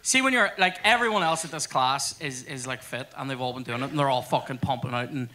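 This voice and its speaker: Sweary man, bright voice. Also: mid-range voice, fast. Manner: crude storytelling with sweary asides. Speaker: podcast host. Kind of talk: live podcast banter. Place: theatre stage before audience.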